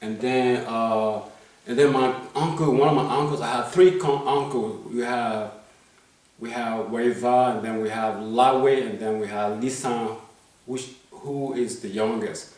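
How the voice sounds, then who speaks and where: A man's voice: medium pitch, fairly even intonation, unhurried, a little mellow. A man in his fifties talks casually about his life, circling back, restarting sentences and tagging questions onto the end of his thoughts. He sits well away from the microphone. The room around him rings with heavy echo. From Liberia. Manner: rambling, many restarts, keeps asking "you know what I'm saying". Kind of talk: casual life-story telling. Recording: very echoey room, mic far off.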